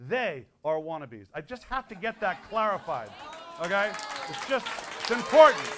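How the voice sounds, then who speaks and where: A man in his sixties from Connecticut, a folk musician appearing as a guest performer, jokes and teases through stage patter for a school audience in a hall. His voice is high and sing-song, full of quick asides, with crowd noise and a noisy background.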